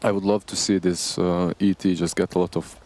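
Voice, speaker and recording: A man's voice: low-pitched, little pitch movement, brisk, darkish tone. A man casting an esports match in a chatty, musing way. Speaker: esports caster. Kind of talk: casual esports commentary.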